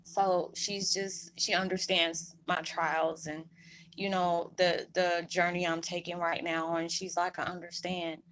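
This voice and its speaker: A woman's voice: lowish voice, flat delivery, slow pace, a bit bright, slight background noise, low-quality recording. A woman vlogger talking to her viewers in a rambling, heartfelt way, emotional and holding back tears. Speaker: spiritual vlogger. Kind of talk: heartfelt casual monologue to viewers.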